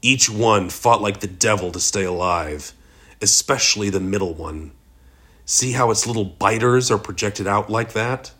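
A man's voice: on the low side, normal speed, sharp tone, breathy edge. A man voicing a sinister male barkeep who kills for sport, speaking in a matter-of-fact, methodical way. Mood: calm menace.

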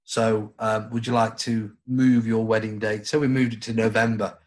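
A man's voice: on the low side, little pitch movement, moderate pace. A young man with a Stoke-on-Trent accent, a radio presenter chatting casually in a jokey, rambling way. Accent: Stoke-on-Trent English. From Stoke-on-Trent area, England. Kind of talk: casual chat.

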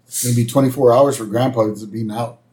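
A man co-hosting a podcast, casually recapping a cartoon episode with quick impressions. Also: mid-range voice. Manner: animated retelling with quick impressions. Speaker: podcast co-host.

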